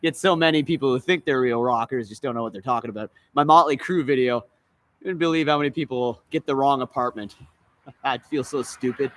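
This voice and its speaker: A man streams live on his phone while standing outdoors in a motel parking lot in the drizzle. He rambles along in a chatty way, swearing freely, and his voice sits in a middle pitch. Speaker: vlogger. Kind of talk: live-streamed walking vlog.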